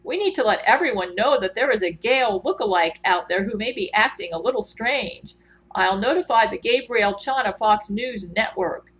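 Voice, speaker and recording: A woman's voice: mid-range voice, fairly bright tone, lightly acted, low-quality recording. A woman voicing a considerate, compassionate man who speaks politely and measuredly.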